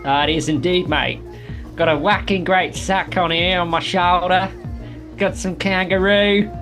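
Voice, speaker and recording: A man's voice: sits high, fairly even intonation, a little slow, a bit bright, faint music behind. A man putting on an Australian accent to play a cheery male meat dealer in a podcast game. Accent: put-on Australian.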